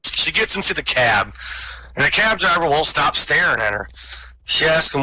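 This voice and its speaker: Guy doing standup on a voice chat, bright tense voice, laughs at his own jokes, bit of hiss. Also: medium pitch, animated, moderate pace, low-quality recording. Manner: storytelling jokes, chuckles at own punchlines. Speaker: stand-up comic. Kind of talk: telling jokes at an online open mic. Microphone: home microphone, online voice chat.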